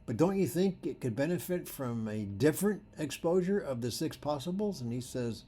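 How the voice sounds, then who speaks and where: A man teaching photography in a presentation, telling stories with animated delivery and acting out the dialogue. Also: a little high, moderate pace, breathy edge. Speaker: photography instructor.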